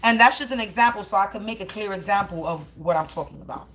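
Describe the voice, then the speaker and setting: A woman's voice: mid-range voice, fast, fairly bright tone, slight background noise. A woman in a spiritual live stream, ranting in a profane, confrontational, rambling way while smoking, her mouth dry.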